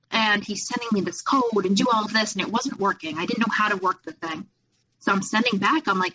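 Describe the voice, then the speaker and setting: A woman's voice: medium pitch, normal speed, bright, forceful tone, husky, low-quality recording. A young adult woman speaking candidly as a podcast guest, retelling past events with lots of quoted dialogue. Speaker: guest, abuse survivor. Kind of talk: personal storytelling in a podcast interview.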